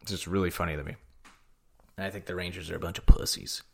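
A man's voice: low voice, fairly even intonation, quick pace, vocal fry, darkish tone, breathy edge. Tired man ranting profanely about hockey. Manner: profane, heated sports rant. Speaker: podcast co-host. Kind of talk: casual chat.

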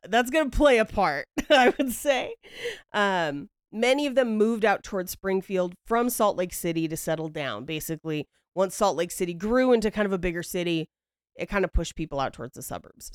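A woman hosts a podcast and tells the story in loose conversation, wry and a little profane, laughing as she goes. Her voice is smooth and clear. The sound is close and dry, with no room around it. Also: mid-range voice, expressive, normal speed, no room sound. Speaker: podcast host. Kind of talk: casual storytelling chat.

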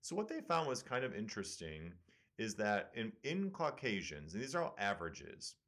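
Deep-voiced Midwestern American man explaining. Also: huge pitch swings, moderate pace, fairly bright tone. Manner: conversational, explanatory, with fillers. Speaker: surgeon and podcast host. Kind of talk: casual medical talk show.

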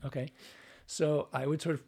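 Husky-voiced male dialect coach. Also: a little high, level tone, normal speed, a little mellow. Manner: explanatory, often ends points with a questioning "right?". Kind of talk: casual interview chat.

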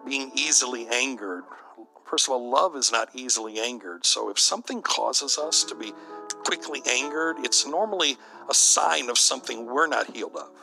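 A man's voice: mid-range voice, creaky, pushed and bright, rough recording. A middle-aged man, a bishop, preaching to church leaders in a conversational, storytelling way.

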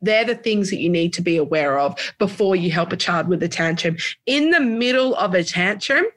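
A woman, co-hosting a casual parenting chat, lively and acting out talks with her child. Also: on the low side, moderate pace. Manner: chatty, animated, acts out dialogue with her child. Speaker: podcast co-host, parenting coach.

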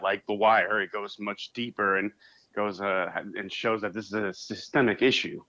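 A man's voice: on the low side, sharp tone. A man co-hosting a podcast in casual chat, talking loosely, laughing and swearing as he goes. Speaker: podcast co-host. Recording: muffled lo-fi sound.

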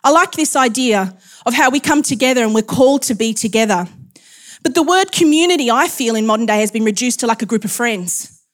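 A woman's voice: on the high side, lively intonation, brisk. A woman preaching a sermon in a chatty way, with frequent laughs and self-deprecating asides.

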